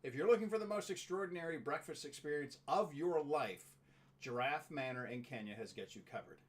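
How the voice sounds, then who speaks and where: A man's voice: fairly high pitch, fairly quick. A man hosting a casual talk show, reading facts aloud with stumbles and joking asides. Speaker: show host. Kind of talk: casual chat.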